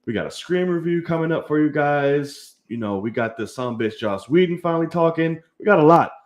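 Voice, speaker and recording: Animated young man hosting a film podcast. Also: a little high, a little fast. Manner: animated, swearing, hyping the channel. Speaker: podcast host. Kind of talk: casual chat.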